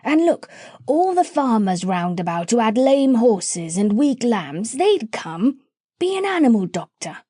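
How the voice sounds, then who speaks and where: A woman's voice: very animated, measured pace, dark tone, breathy edge, dry recording, clean studio sound, full character voice. A woman voicing a coarse, scheming cat's-meat seller who talks in folksy slang and pushes his ideas. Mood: persuasive. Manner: folksy slangy talk, wheedling sales pitch.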